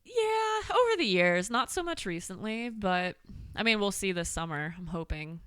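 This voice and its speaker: A woman's voice: medium pitch, very animated, normal speed, a bit bright, smooth, no echo, clean studio sound. A young woman from Pennsylvania, a country pop singer, chatting as a guest in an upbeat, joking way. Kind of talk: casual chat.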